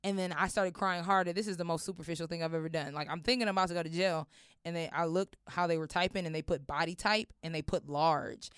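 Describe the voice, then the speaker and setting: A woman comedian spins a story with lots of energy, swearing freely as she goes. Her voice comes through smooth and clear, and the studio room sounds dry. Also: lowish voice, fast, no room sound. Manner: animated, acts out voices in quotes, swears freely. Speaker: comedian guest. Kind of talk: comic storytelling in an interview. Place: recording studio.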